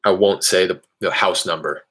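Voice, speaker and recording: A man casually explaining real estate cold calls, rambling and candid, with an upbeat questioning pitch on the phone. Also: fairly even intonation, moderate pace, fairly bright tone, slightly rough. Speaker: real estate wholesaler cold calling sellers.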